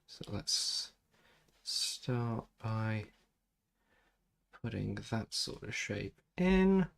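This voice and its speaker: A man rambles casually while drawing on a live stream, making self-deprecating asides about tech problems. He's in a small home room using a computer-connected desk mic. His lowish voice is very animated, with drawn-out words and vocal fry.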